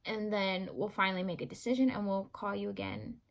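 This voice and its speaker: Young woman vlogger with a gravelly voice. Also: mid-range voice, a little fast. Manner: rambling, self-correcting, animated retelling. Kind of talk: casual storytelling to camera.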